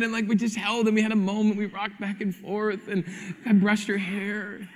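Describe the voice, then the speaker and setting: Male pastor, high bright voice, lively storytelling sermon, reverb from a hall. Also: moderate pace. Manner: animated storytelling, acting out dialogue.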